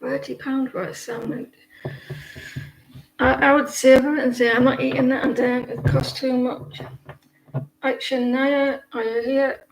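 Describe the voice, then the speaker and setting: Woman doing live card readings, kinda high voice, rambly chatty, roomy echo. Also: flat delivery, takes it slowly, vocal fry, pauses often. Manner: chatty, rambling, laughs often. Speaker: live stream tarot reader. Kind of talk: casual live stream chat. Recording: echoey room, faint noise.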